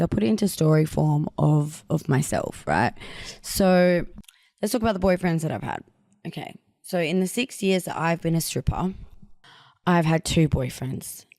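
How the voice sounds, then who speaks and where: A woman's voice: sits low, darkish tone, dry recording, studio quality. A young woman hosting a podcast, talking frankly about her own life in a candid monologue, full of "like" and casual swearing. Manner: frank and blunt, heavy on fillers like "like". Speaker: podcast host.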